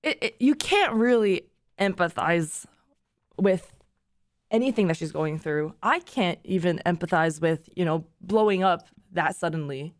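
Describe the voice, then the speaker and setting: A woman's voice: fairly low pitch, expressive, measured pace, no echo, clean studio sound. A young woman streamer chatting emotionally with her viewers, rambling with restarts and drifting between tears and laughter. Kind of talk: casual chat to stream viewers. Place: treated room with acoustic panels.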